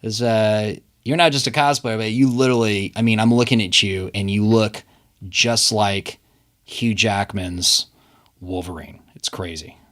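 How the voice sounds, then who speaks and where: Chatty animated podcast host, low voice. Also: male voice, measured pace. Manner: chatty, animated, laughs easily. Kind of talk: casual interview chat. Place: recording studio.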